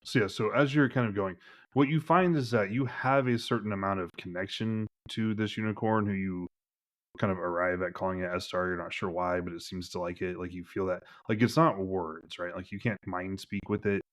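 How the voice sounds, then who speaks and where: Low-voiced rambling male game master. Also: fairly even intonation, normal speed. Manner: rambling, heavy on "like" fillers. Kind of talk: narrating a tabletop game.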